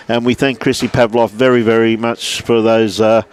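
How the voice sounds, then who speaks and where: An Australian man calls a lawn bowls match from indoors behind a window. His talk is chatty and matey, and he keeps breaking off to greet viewers by name. His voice sits at an ordinary middle pitch. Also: level tone, normal speed, hardly any pauses, clean tone. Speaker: lawn bowls livestream commentator. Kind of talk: live sports commentary with viewer shout-outs. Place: indoors behind a glass window beside the green.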